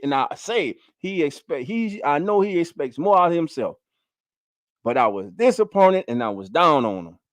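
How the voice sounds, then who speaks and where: A man hosting a casual fan livestream. He talks emphatically, repeats key lines for punch and gives shout-outs to viewers in the chat. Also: a little high, no room sound. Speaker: fan show host. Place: home livestream setup.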